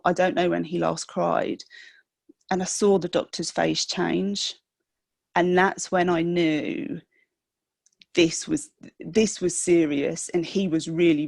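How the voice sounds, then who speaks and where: Gravelly-voiced woman telling her story. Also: lowish voice, a little mellow, dry recording. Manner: halting, emotional, with many restarts. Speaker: podcast guest, mother of a sick child. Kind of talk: personal storytelling in a podcast interview.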